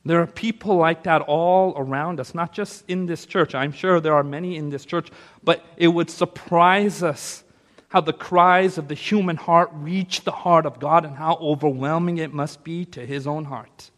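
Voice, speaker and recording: A male pastor with a somewhat high voice preaches in a church, his words ringing out in a long reverb. He tells a story casually and speaks straight to the listeners, then slows right down and leans on each word to drive his point home. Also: steady tone, a bit bright. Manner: storytelling, conversational with asides to the audience; slows down and presses words for emphasis. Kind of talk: sermon. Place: church sanctuary.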